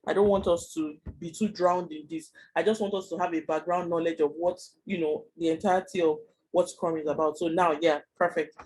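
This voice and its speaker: A man teaching a Scrum class online, explaining fast and chatty with many fillers. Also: a little high, steady tone, darkish tone, rough recording. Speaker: Scrum trainer.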